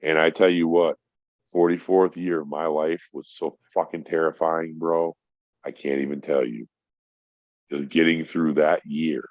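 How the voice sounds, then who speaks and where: Very deep-voiced profane middle-aged man. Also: little pitch movement, unhurried, no echo. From Minnesota. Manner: profane, heartfelt storytelling. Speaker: podcast guest. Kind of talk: casual chat. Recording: dull, dry lo-fi sound.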